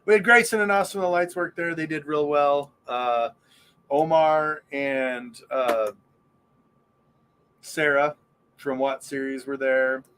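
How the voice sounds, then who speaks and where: A man's voice: fairly high pitch, slow pace, a bit bright, slight background noise. Man, podcast host, casual chat, enthusiastic, rambling, fillers.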